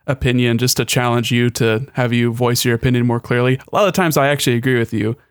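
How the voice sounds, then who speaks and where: A man's voice: mid-range voice, steady tone, fast talker, no room sound, studio quality. A young man co-hosting a gaming podcast, level-headed and drily teasing. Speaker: podcast co-host. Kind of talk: casual chat.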